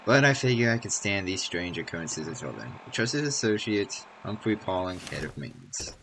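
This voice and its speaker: Deep-voiced man reading game notes. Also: big pitch swings, normal speed, gravelly, background noise. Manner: dry, reads in-game notes aloud. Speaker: gaming channel host. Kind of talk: let's play commentary.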